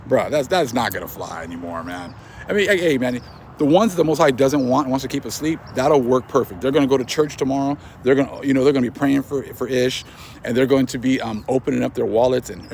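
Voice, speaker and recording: Gravelly man mocking with a laugh. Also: medium pitch, a little hiss or hum. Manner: mocking, laughs often, says man and bruh. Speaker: online commentator. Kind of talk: casual religious commentary monologue.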